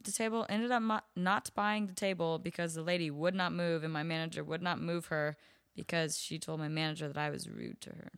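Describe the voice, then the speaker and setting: A young woman talks in a low, smooth, resonant voice, spilling work stories in loose casual chat. Her speech is peppered with "like" and easy swearing, recorded close and dry. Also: sing-song, brisk, no echo. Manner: chatty, frequent "like" fillers, swears freely. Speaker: bottle service waitress, podcast guest.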